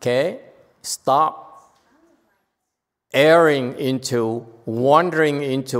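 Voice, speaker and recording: A man's voice: fairly high pitch, lively intonation, slow pace, pauses often, big-room sound. A man giving a spiritual teaching to a congregation, playful and full of rhetorical questions and repeated phrases. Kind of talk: dharma talk to a congregation.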